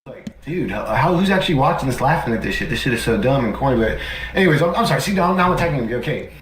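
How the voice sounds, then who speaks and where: A man's voice: mid-range voice, animated, fast. A man talking casually in a played clip, hesitant and mocking. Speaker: video creator in a played clip. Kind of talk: casual commentary. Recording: echoey room with faint background noise.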